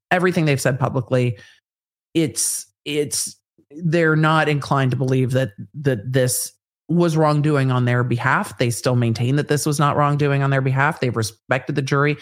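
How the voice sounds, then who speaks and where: A woman legal commentator giving analysis as an interview guest, measured and thinking aloud with fillers. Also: very deep voice.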